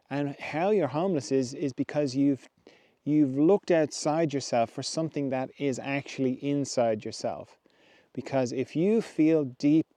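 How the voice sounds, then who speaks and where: A middle-aged man hosting a spiritual podcast, musing gently and restarting his thoughts as he talks. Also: medium pitch, no room sound. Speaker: podcast host, spiritual teacher. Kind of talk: reflective spoken talk.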